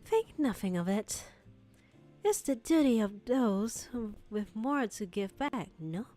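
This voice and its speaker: A woman's voice: fairly high pitch, slow pace, soft background music. A woman voicing a polite, formal wealthy young man with a put-on British accent, reading a script for voice acting practice. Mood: gracious. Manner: courteous, formal, gently flattering.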